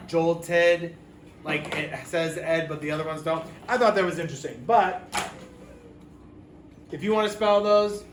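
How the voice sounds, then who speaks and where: A man's voice: on the high side, measured pace, pauses often. A man teaching a phonics lesson, patiently sounding out letters for children. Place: classroom. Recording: echoey room, mic far off, background noise.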